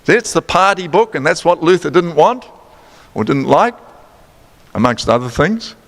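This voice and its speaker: Lively New Zealand preacher in a reverberant church. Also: male voice, on the high side, measured pace. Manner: animated, chatty, playful teasing. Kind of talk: sermon with quiz and asides. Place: church sanctuary. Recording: long church hall reverb.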